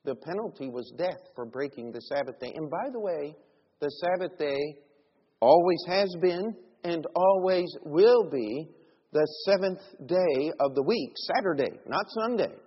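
Husky-voiced preacher in a reverberant church. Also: male voice, lively intonation, unhurried. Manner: swings from loud emphatic bursts to quiet low asides. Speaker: pastor. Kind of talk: sermon. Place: church sanctuary. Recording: lo-fi church audio with long reverb.

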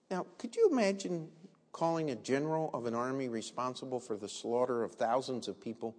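In a large, echoing hall with long reverb, a man gives a sermon as a pastor. His medium-pitched, darkish voice runs a little fast while he tells the story vividly and tosses rhetorical questions to the congregation.

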